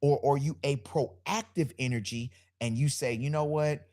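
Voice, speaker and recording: A man with a deep bass voice hosting a live solo podcast, talking loosely about energy and spirit and repeating his phrases. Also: fairly even intonation, a little slow, darkish tone. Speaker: podcast host.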